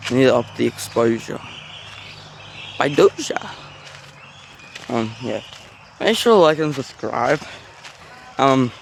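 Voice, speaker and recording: A man with a gravelly, mid-range voice records a casual walking vlog at an outdoor zoo on a handheld phone camera, with faint background noise. He rambles chattily, full of self-aware asides and filler words.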